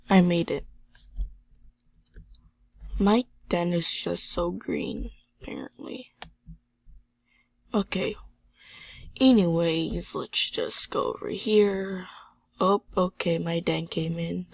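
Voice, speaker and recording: A woman's voice: fairly low pitch, fairly even intonation, takes it slowly, gravelly, pauses often, darkish tone, husky, dry recording, studio quality. A teenage girl with a sore throat, talking in a subdued way over gameplay and reading chat messages aloud. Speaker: gaming channel host. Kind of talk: casual gameplay commentary.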